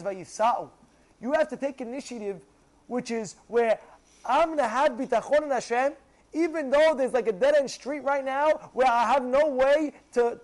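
A man's voice: very high voice, darkish tone, low-quality recording. A man giving a Torah class, quizzing his listeners and acting out pleas to God. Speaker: Torah teacher.

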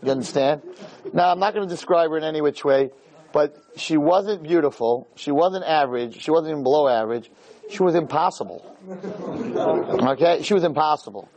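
A man's voice: a little high, fairly quick, darkish tone, poor audio. A man giving a humorous sermon as a rabbi, telling a story with acted-out dialogue and speaking directly to his listeners. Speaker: rabbi teaching a class.

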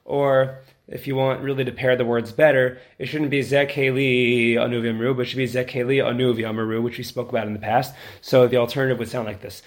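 A man teaching how to lead prayer, explaining quickly in plain talk and then chanting the tunes slowly to show them. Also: medium pitch, steady tone, darkish tone. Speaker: prayer leader instructor. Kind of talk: teaching lesson with chanted demonstrations.

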